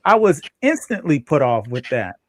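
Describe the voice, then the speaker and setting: A man on a stream panel talking in a measured, agreeable way. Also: on the high side, big pitch swings, dry recording, studio quality. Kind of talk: casual stream chat.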